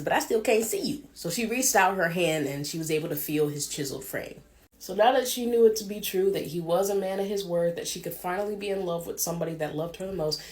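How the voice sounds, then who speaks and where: A woman's voice: on the low side, darkish tone. A woman casually retelling a myth with slang and joking asides. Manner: chatty, irreverent, joking asides. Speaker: storyteller.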